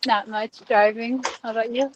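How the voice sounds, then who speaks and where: A woman in her thirties on a call while driving, trading quick defensive comebacks in a casual argument. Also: fairly high pitch, fairly even intonation, highs cut off, background noise. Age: 30s. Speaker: caller on a stream. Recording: distant, off-mic.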